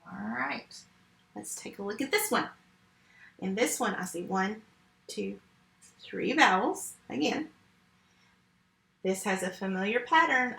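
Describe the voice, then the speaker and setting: Slow, patient woman teaching phonics. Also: mid-range voice, vocal fry, a bit bright, reverberant, poor audio. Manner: slow, patient step-by-step instruction. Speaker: first grade teacher. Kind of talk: remote phonics lesson.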